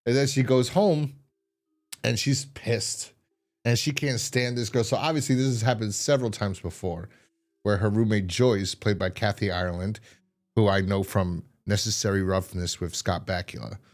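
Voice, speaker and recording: A man's voice: on the low side, normal speed. A man co-hosting a casual review podcast, retelling a TV episode with lots of animation and laughter. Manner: animated storytelling, laughing and mimicking characters. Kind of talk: casual chat.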